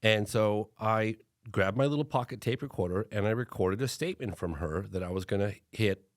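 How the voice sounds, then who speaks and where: A middle-aged man, a documentary filmmaker and podcast guest, telling a long story in lively conversation and slipping into other people's voices when he quotes them. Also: lowish voice, fairly quick, dry recording, clean studio sound. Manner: acts out other people's lines in changed voices.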